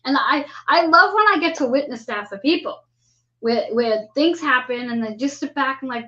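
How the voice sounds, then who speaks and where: A woman in her fifties hosts a relaxed spiritual chat about the stars, her voice sitting a little high. She talks in an animated way and slips into the voices of the people she quotes. The recording is dull and lo-fi. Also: moderate pace. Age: 50s. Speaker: host. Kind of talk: casual spiritual astrology chat.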